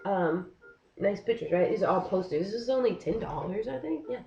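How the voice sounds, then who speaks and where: A young woman venting on a casual vlog, talking in an animated, frustrated way and filling her sentences with "like". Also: mid-range voice, fairly quick, gravelly, highs cut off, slight background noise. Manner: frustrated, animated, heavy use of "like". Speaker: vlogger. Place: living in Korea.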